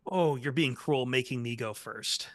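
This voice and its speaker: A man hosts a casual sports podcast, tossing out quick jokes and asides. His voice is bright and forward, recorded close and dry with little room sound. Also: medium pitch, no echo. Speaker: podcast host.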